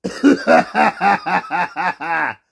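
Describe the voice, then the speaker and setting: A young man livestreaming, ranting and yelling insults at his chat, then dropping to low mutters. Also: drawn-out words, vocal fry. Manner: swings between shouting and low mutters. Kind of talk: casual livestream rant.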